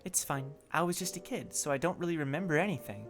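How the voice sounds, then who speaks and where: A man voicing a secretive, earnest teenage girl student, reading game dialogue aloud in a soft, apologetic way. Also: a little high, expressive, quick pace, over music.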